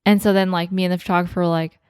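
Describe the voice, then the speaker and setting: A woman's voice: lowish voice, flat delivery, very fast, darkish tone, clean tone, no room sound, studio quality. A young woman co-hosting a podcast, chatting casually with lots of fillers, swearing and laughter. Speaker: podcast co-host. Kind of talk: casual chat.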